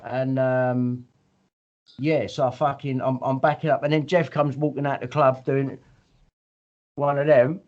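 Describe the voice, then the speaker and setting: A man's voice: mid-range voice, flat delivery, measured pace, long pauses, a little mellow. A middle-aged man tells a story in blunt, rambling casual speech, swearing often and acting out what people said. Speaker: guest. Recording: muffled lo-fi audio.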